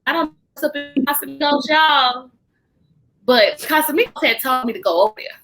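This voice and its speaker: High, bright-voiced woman telling a story. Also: brisk, faint music behind. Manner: animated, vents to listeners as "y'all". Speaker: podcast guest. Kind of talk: casual chat, storytelling.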